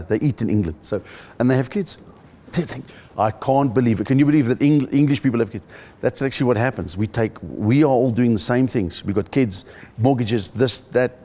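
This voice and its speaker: A middle-aged South African man, a comedian in a casual interview, telling animated stories and acting out other people's voices. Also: mid-range voice.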